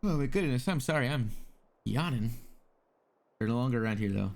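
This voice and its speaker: A man's voice: mid-range voice, animated, a little fast, a little mellow, lightly acted. A man reading a rambling young zoologist woman. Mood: eager. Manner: rambling, eager. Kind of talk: reading game dialogue aloud.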